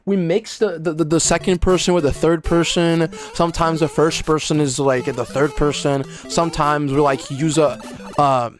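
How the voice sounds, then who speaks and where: A man's voice: a little high, fairly even intonation, normal speed, soft background music. A young man from Brazil, chatting casually on a speedrun stream in rambling, slangy speech and muttering at his own gameplay. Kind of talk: casual livestream chat while playing.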